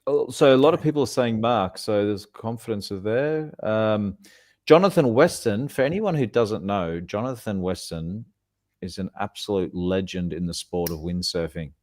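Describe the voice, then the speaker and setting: A low-voiced man co-hosts a live stream podcast, reading out viewer comments in a chatty, laughing way. His voice sounds close and dry, with no room around it. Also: moderate pace, darkish tone, no room sound. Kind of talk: casual live-stream chat.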